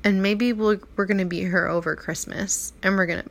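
A woman's voice: mid-range voice, steady tone, fairly quick, slight background noise. A woman in her thirties talking through a heartfelt, rambling personal monologue at home, full of restarts and "like". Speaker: vlogger. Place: apartment at night.

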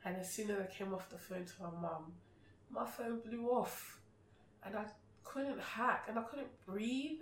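A woman, a podcast guest telling a personal story in an outspoken, animated way. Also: mid-range voice, a little fast. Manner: outspoken, animated, acts out remembered exchanges. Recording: roomy sound from a distant mic.

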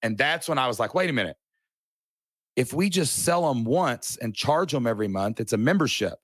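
A man's voice: medium pitch, moderate pace, husky, no room sound. Earnest man telling a story, dry sound. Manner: animated, earnest, folksy storyteller. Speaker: podcast guest. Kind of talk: casual storytelling.

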